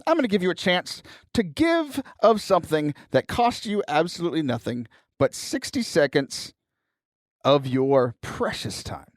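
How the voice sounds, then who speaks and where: Brief: animated young male podcast host, higher-pitched, jokey, dry close sound. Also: unhurried, dry recording. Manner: animated, joking, laughs while telling stories. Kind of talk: casual comedic talk show.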